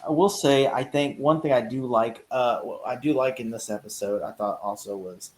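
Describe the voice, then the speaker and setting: A man's voice: medium pitch, moderate pace. A man co-hosting a TV recap podcast, rambling in casual chat with lots of "you know" and "like.". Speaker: podcast co-host. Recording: roomy echo.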